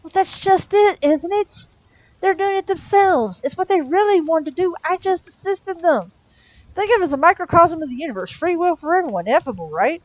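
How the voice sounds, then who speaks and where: A woman voicing a snarky, quick-tempered male demon who talks in a sardonic, exasperated way. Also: extremely high pitch, lively intonation, dry recording, voice pushed up, rough recording.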